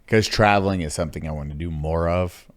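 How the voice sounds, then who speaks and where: A man hosting a podcast in casual chat, telling rambling, animated stories and swearing freely. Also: low voice, fast, no room sound. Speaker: podcast host.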